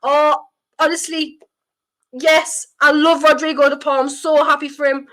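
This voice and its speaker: A young woman talks to her stream viewers during a football match. Her voice sits high and sounds bright and forceful. She sounds elated and breathless, gushing over the players and thanking her chat. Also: little pitch movement, a little slow. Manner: elated, breathless reactions to goals. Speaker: streamer hosting a football watchalong. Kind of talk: live football watchalong chat.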